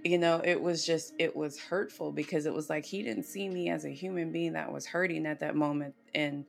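A woman guesting on a podcast tells a personal story earnestly and emotionally, sprinkling in plenty of "you know" and "like." Her voice is low, steady and brisk with vocal fry, and soft music plays behind her.

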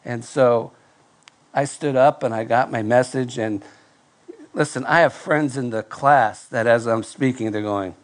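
A male pastor preaching to a live congregation, telling a self-deprecating story in a nasal, fairly monotone voice with halting restarts. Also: mid-range voice. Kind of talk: sermon with personal story. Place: church before live congregation.

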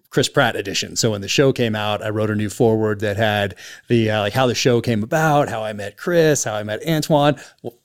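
A man's voice: medium pitch, a little mellow, smooth. A man hosting a podcast interview, chatting casually and enthusiastically, with many restarts and fillers. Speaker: podcast host, author.

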